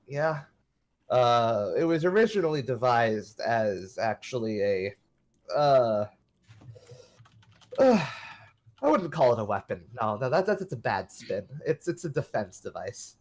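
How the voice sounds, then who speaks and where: A man's voice: mid-range voice, expressive, takes it slowly, a little mellow. Weary official, flustered and hesitant, sighs and stalls , played by a man. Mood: evasive. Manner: hesitant, full of uhs and sighs.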